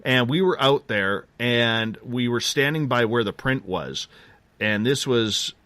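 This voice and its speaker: A middle-aged man, a guest on a radio interview, telling a field story excitedly, jumping ahead and restarting his sentences. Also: mid-range voice, a little slow, dry recording.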